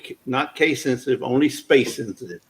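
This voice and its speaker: A man's voice: medium pitch, fairly quick. A man co-hosting a live stream, matter-of-fact as he corrects details. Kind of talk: casual live-stream chat.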